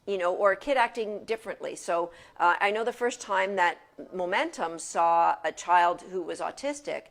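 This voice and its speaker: A woman's voice: lowish voice, moderate pace, creaky. A woman dog trainer giving an informal lecture from her couch at home in a chatty, casual way with frequent restarts.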